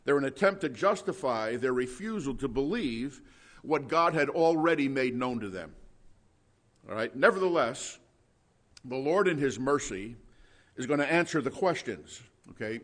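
A man's voice: mid-range voice, lively intonation, moderate pace, fairly bright tone. A man teaching a Bible passage verse by verse, in a conversational sermon style with frequent "all right?" check-ins, restarts and sarcastic emphasis when he quotes. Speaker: preacher.

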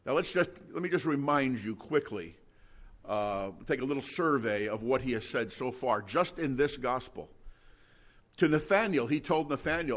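A man's voice: medium pitch, lively intonation, moderate pace, a bit bright. Conversational male preacher teaching scripture. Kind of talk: verse-by-verse Bible teaching.

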